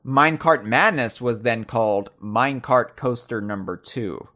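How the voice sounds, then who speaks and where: A man hosts a podcast in a relaxed, conversational way. His voice sits at an ordinary middle pitch. He is playful and loose, tossing out trivia as he goes. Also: a little slow. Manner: playful, shouts bits of trivia as a running joke. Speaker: podcast host. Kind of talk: casual chat.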